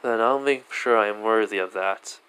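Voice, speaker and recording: A man's voice: fairly low pitch, moderate pace, bright, forceful tone, smooth. A man voicing a confident young male hero in a fan story retelling, in a casual, matter-of-fact way.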